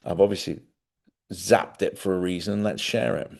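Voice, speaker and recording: A man's voice: sits low, steady tone, moderate pace, creaky, a little mellow. A middle-aged man hosting a live stream, telling rambling stories in casual chat. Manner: rambling anecdotal storytelling.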